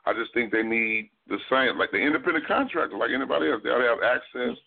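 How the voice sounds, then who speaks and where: A man in a casual debate chat, talking in a relaxed way. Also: mid-range voice, fast talker, vocal fry. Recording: tinny phone line with faint noise.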